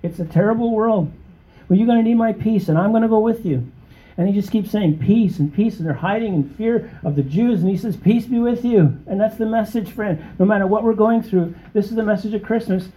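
A man preaching a sermon, emphatic and conversational, often checking in with his listeners and rising to high, excited exclamations. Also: a little fast. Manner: conversational, with frequent check-ins to the congregation. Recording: dull, muffled lo-fi recording.

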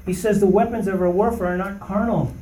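Man, high voice, mellow tone, emphatic Bible teacher, roomy echo, off-mic. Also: steady tone, fairly quick, recorded from a distance, a little hiss or hum. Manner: emphatic, rising to preaching fervor, often asks "okay?". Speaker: Bible study leader.

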